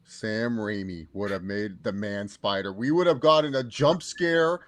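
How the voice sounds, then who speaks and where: A man chatting casually as a podcast co-host, excitable and animated as he reviews a movie. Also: fairly low pitch, measured pace. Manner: excitable, animated, acts out quotes.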